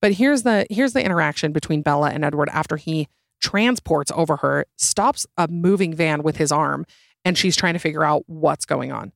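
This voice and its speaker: A young woman hosting a solo podcast, talking in a sarcastic, exasperated way and jumping up in pitch for emphasis. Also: normal speed, creaky, no room sound, studio quality. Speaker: podcast host.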